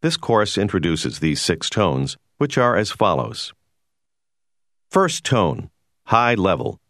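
A man giving a scripted, measured narration for a language course. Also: low voice, huge pitch swings, a bit bright, dry recording, clean studio sound. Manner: measured, explanatory.

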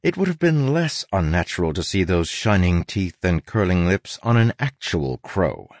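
A man reading an audiobook in an expressive, measured narration. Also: low-pitched, dry recording. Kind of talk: scripted narration.

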